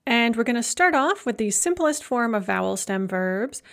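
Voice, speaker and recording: A woman's voice: a little high, big pitch swings, normal speed. A woman lecturer explaining verb endings in a methodical way, with frequent filler words. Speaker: Russian language lecturer. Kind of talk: recorded grammar lecture.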